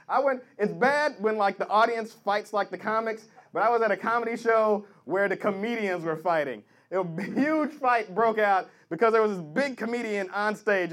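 A man performing stand-up comedy, loudly acting out characters and often shouting. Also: extremely high pitch. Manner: loud, shouty, acts out characters. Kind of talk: stand-up routine. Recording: live club with clear crowd noise.

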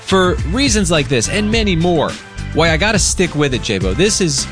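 A man's voice: fairly high pitch, big pitch swings, normal speed, over music. A man hosting a radio show, giving station IDs and bantering in casual chat. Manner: easygoing banter, station ID patter.

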